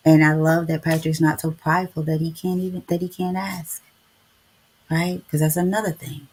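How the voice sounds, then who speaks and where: A woman's voice: low-pitched, little pitch movement, normal speed, darkish tone, breathy edge. A middle-aged woman, hosting a casual devotional live-stream chat and preaching to listeners. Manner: chatty, preachy, keeps addressing listeners as y'all. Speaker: podcast host.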